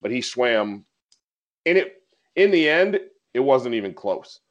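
A man hosting a podcast, telling a story in casual conversation and getting animated as he recounts it. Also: medium pitch, measured pace, lo-fi sound. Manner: animated storyteller, gets excited recounting events. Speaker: podcast host.

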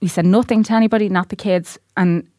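A woman's voice: mid-range voice, fast, no room sound, studio quality. An Irish woman, a podcast guest, telling a personal story in casual chat and acting out the voices of people in it. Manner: animated storyteller, acts out quoted voices.

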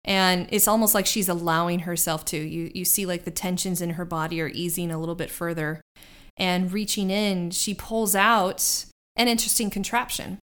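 A woman's voice: on the low side, steady tone, moderate pace, a bit bright, clean tone. A woman narrating a tabletop game as game master, descriptive and rambling with restarts.

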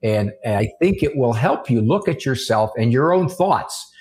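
A man's voice: mid-range voice, expressive, unhurried, darkish tone. A man who is a psychologist, speaking as a guest, punchy and joking, with strong emphasis. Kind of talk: conversational interview.

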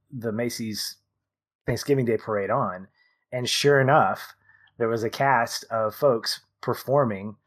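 A man in his thirties co-hosting a podcast, chatting casually and enthusiastically, rambling and correcting himself as he goes. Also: fairly low pitch. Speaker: podcast co-host. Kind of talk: casual conversational review.

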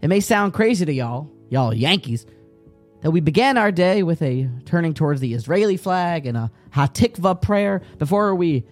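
A man's voice: sits high, animated, normal speed, few pauses, soft background music. A man from Virginia giving a folksy, storytelling Torah talk and speaking straight to his listeners. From Virginia, American South. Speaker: Torah teacher.

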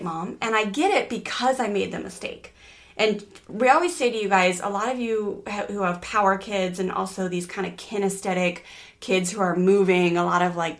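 A middle-aged woman co-hosting a casual parenting podcast, telling a family story in an animated way with many restarts. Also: medium pitch. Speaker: podcast co-host, parenting coach.

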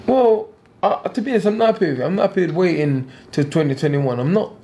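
A man's voice: high-pitched, fast, mellow, slight background noise. A man, a boxer talking bluntly and getting heated in an interview, repeating himself. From England. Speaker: professional boxer.

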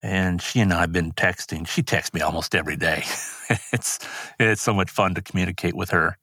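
An older man, a grandfather, speaking as an interview guest in a halting, grief-stricken way. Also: low voice, bright, forceful tone, husky, dry recording, studio quality. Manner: halting, grief-stricken, voice rising when angry. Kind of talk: emotional interview talk.

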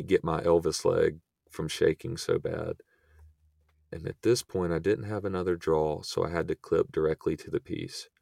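A young man, a podcast guest, retelling an experience in a relaxed, casual way full of fillers. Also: deep voice, vocal fry, dry recording, clean studio sound. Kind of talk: casual storytelling.

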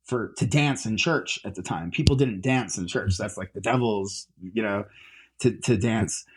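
A man's voice: fairly low pitch, normal speed, husky. A musician, a man, chatting as an interview guest, rambling with lots of fillers and restarts. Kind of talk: casual interview chat.

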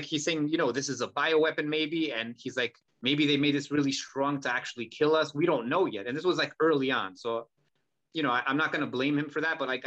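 A man in casual podcast conversation, talking in an animated, profane way and acting out heated exchanges. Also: fairly high pitch, dull audio. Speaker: podcast guest, holistic healer.

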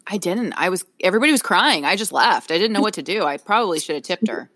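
A woman's voice: on the low side, big pitch swings, fast, fairly bright tone. A middle-aged woman co-hosting a podcast, telling a story in casual chat, laughing often and acting out what others said. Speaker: podcast co-host.

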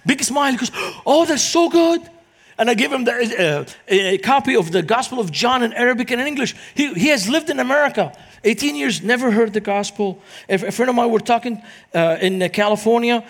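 Man, middle-aged, guest preacher, high-pitched, animated storytelling. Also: gravelly. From Lebanon. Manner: animated, acts out quoted voices in anecdotes. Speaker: guest speaker, Christian minister. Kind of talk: storytelling sermon.

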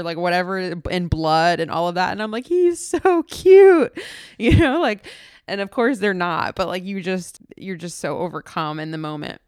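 A woman's voice: fairly low pitch, smooth, dry recording, studio quality. A young woman telling her birth story in a casual, emotional way, full of fillers and restarts. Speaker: podcast host. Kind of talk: personal storytelling.

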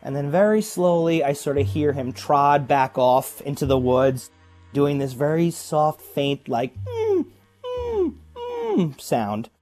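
A man telling a casual spoken anecdote, acting out voices and sounds in a lively way. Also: medium pitch, unhurried, soft background music. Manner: animated, acts out voices and sounds. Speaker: guest storyteller.

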